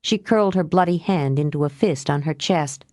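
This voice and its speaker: Low-voiced woman narrating an audiobook. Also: normal speed, a little mellow, dry recording, clean studio sound.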